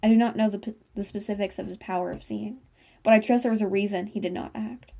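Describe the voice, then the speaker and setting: A woman puts on a gentle young brother in a storybook, soft-spoken and pleading. The voice sounds mellow with a slight gravelly rasp. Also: medium pitch, fairly even intonation, fast talker.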